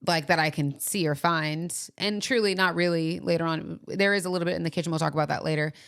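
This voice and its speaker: A woman's voice: quick pace, creaky. A woman co-hosting a podcast, telling a story in casual chat and acting out what people said. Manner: animated retelling, acts out quoted lines in a higher voice. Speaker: podcast co-host.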